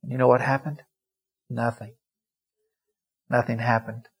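A man preaching a sermon as a pastor, telling a story and swinging from loud climaxes to hushed, quiet lines. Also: mid-range voice, flat delivery, measured pace, breathy edge.

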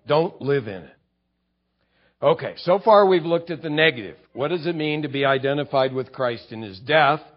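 A man's voice: a little high, dull audio. A man preaching an expository sermon as pastor, teaching earnestly and building to fervent emphasis.

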